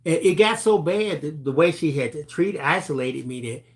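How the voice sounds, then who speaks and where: With a somewhat high voice at a normal pace, a middle-aged co-host on a live crafting stream chats casually through a story. He's an animated storyteller who performs the characters' voices and keeps laughing mid-line.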